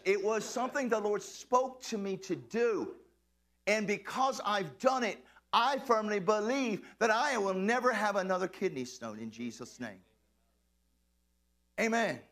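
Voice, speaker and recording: A man preaching a sermon, animated and playful, swinging into shouts and laughs as he tells the story. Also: high-pitched. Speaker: pastor.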